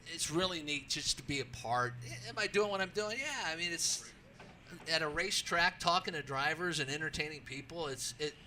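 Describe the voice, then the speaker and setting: A man who works as a racetrack announcer, telling stories in a radio interview in an excitable way, acting out his own calls and restarting his sentences often. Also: on the high side, normal speed, a little hiss or hum. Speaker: racetrack announcer, show guest. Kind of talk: animated storytelling in a radio interview.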